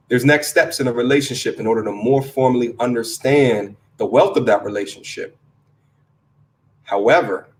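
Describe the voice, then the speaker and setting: A man co-hosting a casual online talk show, arguing his side plainly and swearing now and then. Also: medium pitch. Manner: loud and fired up when riled, casual with cursing. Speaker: podcast co-host. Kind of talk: casual debate chat on a video call.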